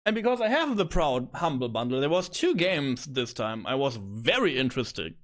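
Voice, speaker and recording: Rambling, lively man streaming a game. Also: medium pitch, moderate pace. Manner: rambling, self-correcting. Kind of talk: casual let's play chat.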